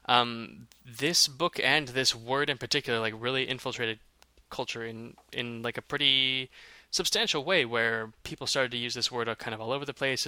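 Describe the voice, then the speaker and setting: Bright-voiced man chatting casually. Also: mid-range voice, no room sound. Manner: chatty, hesitant, many fillers and restarts. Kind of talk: casual chat.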